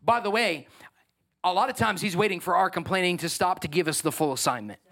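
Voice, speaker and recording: A middle-aged man, preaching a sermon as pastor in an animated, joking way with asides to the congregation. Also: high voice, brisk, vocal fry.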